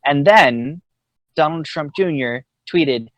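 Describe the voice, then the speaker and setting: A man's voice: medium pitch, takes it slowly, long pauses. A young man chatting casually while streaming a game, rambling and sarcastic with lots of fillers. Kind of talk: casual commentary while gaming.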